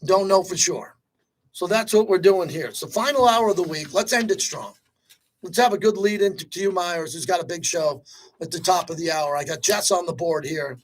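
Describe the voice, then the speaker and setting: A man hosting a sports talk radio show, talking in an energetic, rapid-fire, conversational way. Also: high voice.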